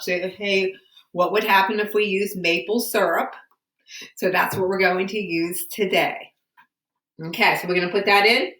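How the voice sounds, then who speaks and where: A woman's voice: mid-range voice, bright, forceful tone, echoey room. A woman teacher giving a science lesson from home, asking patient, encouraging questions. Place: home room.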